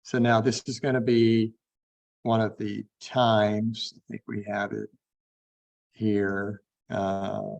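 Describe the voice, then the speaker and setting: A man teaching a Bible class, unhurried and thinking aloud with frequent fillers. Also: fairly low pitch, little pitch movement, gravelly, a little mellow. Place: online classroom.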